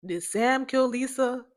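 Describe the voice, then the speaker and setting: A woman's voice: high-pitched, no room sound, studio quality. Chatty young woman telling a story. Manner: chatty, animated, addresses listeners as "y'all", laughs often. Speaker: podcast host. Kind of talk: casual storytelling to listeners.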